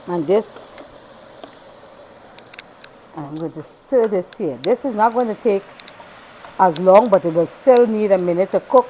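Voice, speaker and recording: A woman with a Trinidadian accent talks viewers through a dish in her home kitchen, chatting as she cooks and often circling back to repeat herself. Her voice sits at an ordinary middle pitch, and an irritated throat brings the odd cough. A faint background noise runs under her voice. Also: a little mellow. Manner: chatty, repeats phrases, talks while working. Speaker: cooking channel host. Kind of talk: casual cooking demonstration.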